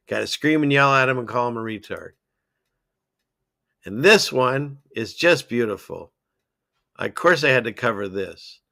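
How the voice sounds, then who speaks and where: A man's voice: mid-range voice, creaky, bright, forceful tone, dry recording, studio quality. A man hosting a casual commentary show, talking in a sarcastic, scoffing, rambling way. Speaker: podcast host.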